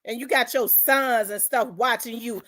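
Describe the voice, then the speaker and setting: A woman's voice: a little high, normal speed, fairly bright tone. A woman from South Memphis with a Memphis accent, hosting an opinion vlog in a blunt, profane, fired-up rant. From South Memphis, Tennessee. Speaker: host.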